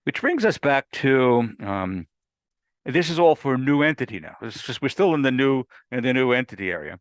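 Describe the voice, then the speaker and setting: A man's voice: mid-range voice, very animated, normal speed, no room sound, studio quality. A male lawyer explaining a new law in a conversational, emphatic way, with repetitions and folksy asides. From United States. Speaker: lawyer hosting a legal briefing.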